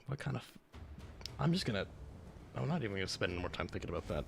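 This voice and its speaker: Creaky-voiced young man streaming. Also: fairly low pitch, very animated, quick pace, long pauses, over music. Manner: rambling, sarcastic, swears often. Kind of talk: casual live-stream chat while gaming.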